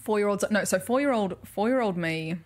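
A woman's voice: medium pitch, expressive, a little fast. A young woman with an Australian accent, chatting casually and telling stories during a gaming livestream, laughing often. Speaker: streamer.

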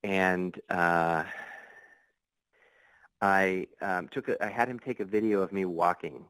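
A man guesting on a podcast, recounting a story in a loose, rambling way full of fillers and false starts. His voice sits low. The sound is dry and close, with no room around it. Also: steady tone, slow, a bit bright, smooth, no room sound, low-quality recording. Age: adult. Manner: rambling, many fillers and restarts. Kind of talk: casual storytelling.

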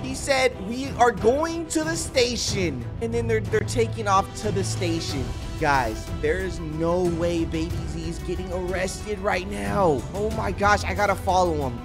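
A woman gaming YouTuber giving excited roleplay commentary, exclaiming and acting out chat lines. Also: lowish voice, moderate pace, hardly any pauses, over music. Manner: animated, exclaiming, reads out and acts chat lines in a dramatic voice.

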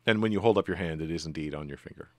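A man's voice: very deep voice, rapid-fire, no room sound. A man narrating as game master in a tabletop game, rambling a little with frequent ums. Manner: rambling, with many ums and restarts.

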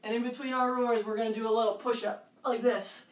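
A woman leading a workout for kids, calling out moves and counts in an upbeat, encouraging way, with loud bursts on the counts. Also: a little high, fairly even intonation, fast talker, recorded from a distance. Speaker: fitness coach for kids. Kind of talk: leading a live kids' workout. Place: room at home. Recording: echoey room, voice off-mic.

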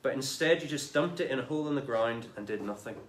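A man preaching a sermon in a conversational, animated way, retelling scripture in everyday speech. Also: mid-range voice, quick pace, roomy sound. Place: church.

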